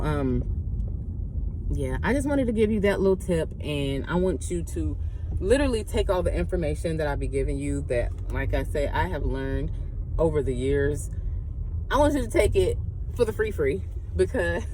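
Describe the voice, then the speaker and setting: A woman coaching on faith in a casual vlog, animated and laughing often, talking like a close friend. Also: fairly low pitch, a little hiss or hum. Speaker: faith and self-growth coach. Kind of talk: casual vlog talk to camera.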